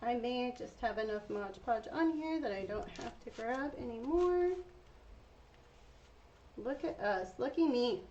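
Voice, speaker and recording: A woman's voice: fairly high pitch, animated, measured pace, darkish tone. A woman hosting a casual painting tutorial, chatting to her viewers while she works. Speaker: craft tutorial host. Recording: dull lo-fi sound with faint noise.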